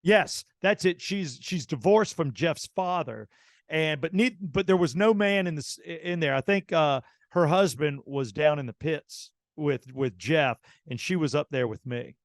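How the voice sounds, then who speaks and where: A middle-aged man, hosting a radio show and telling an anecdote in a casual, animated way, acting out the dialogue. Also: on the high side, measured pace, no echo, studio quality. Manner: animated anecdote teller, acts out quoted dialogue. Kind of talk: casual storytelling.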